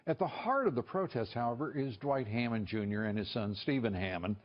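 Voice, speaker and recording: A male television news host giving opinionated commentary, halting now and then. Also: medium pitch, expressive, noisy background. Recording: dull lo-fi broadcast audio.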